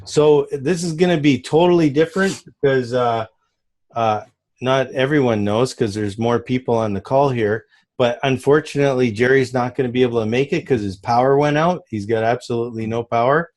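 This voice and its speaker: A man hosts a casual group call, his voice mid-pitched and ordinary. He rambles along in an upbeat, friendly way and laughs easily. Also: normal speed, a little mellow. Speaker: call host.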